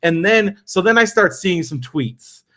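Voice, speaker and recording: A man hosting a podcast, telling a long story in a casual, animated way, acting out the people he quotes and using lots of fillers and restarts. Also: high voice, a little slow. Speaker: podcast host.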